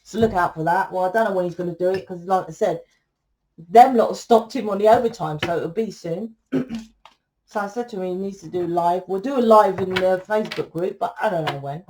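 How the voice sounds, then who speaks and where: A woman's voice: lowish voice, brisk, dark tone, slight background noise. A woman giving a casual tarot reading, talking bluntly and lecturing the viewer, with plenty of swearing. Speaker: tarot reader.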